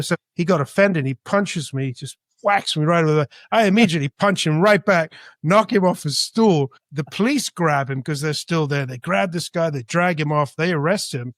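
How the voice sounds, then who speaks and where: Man, middle-aged, podcast guest, casual storytelling, animated, slightly high voice, dry close sound. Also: normal speed, hardly any pauses, no room sound. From Britain, raised in Spain.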